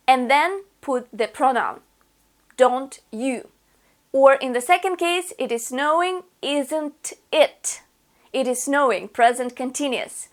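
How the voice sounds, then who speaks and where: A woman teaching an online grammar lesson, explaining patiently, step by step. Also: high voice. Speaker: language teacher.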